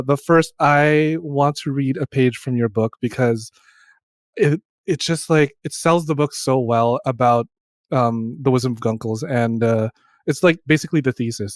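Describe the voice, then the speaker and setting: A man's voice: mid-range voice, no room sound, studio quality. Campy, joking male podcast host. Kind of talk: casual podcast chat.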